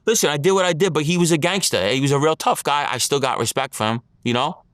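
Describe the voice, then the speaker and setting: A man's voice: on the high side, fast talker, a bit bright, dry recording, studio quality. A man telling his story as an interview guest, in blunt street talk, acting out the lines of others.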